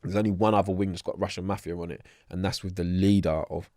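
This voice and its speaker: A young man with a London accent, his voice sitting fairly low. He tells his story with animated energy, swearing freely and putting on the voices of others. The recording is dry and close. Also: quick pace, no echo. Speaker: interview guest. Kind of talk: casual storytelling.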